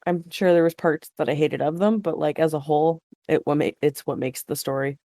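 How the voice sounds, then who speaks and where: A woman's voice: deep voice, steady tone, a little fast, mellow, no room sound, clean studio sound. Blunt, offhand woman on a podcast. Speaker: podcast co-host. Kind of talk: casual podcast chat.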